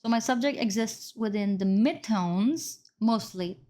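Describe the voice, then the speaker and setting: With a warm, slightly high voice at a measured pace, a woman teaches color grading in a screen-recorded tutorial. As a video editing instructor, she explains things step by step and apologizes when she slips up, correcting herself.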